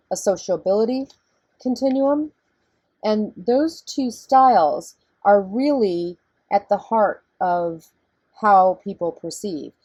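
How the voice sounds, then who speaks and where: Here a middle-aged woman professor lectures in a relaxed, conversational way on a recording, explaining each point in turn. Her voice is low and husky with a warm tone, and the audio is dry.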